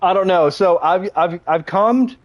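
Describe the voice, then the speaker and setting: This young man has a high voice and an unhurried pace, heard in lo-fi sound while he livestreams a game. He chats casually with his viewers, crude and joking, rambling with frequent restarts and laughter.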